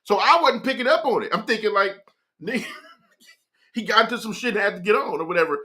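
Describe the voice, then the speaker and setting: Host, male, casual comic storyteller, bright tense tone, slightly high voice, slangy. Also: animated, fast talker. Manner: loose slangy delivery, laughs often. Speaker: morning show host.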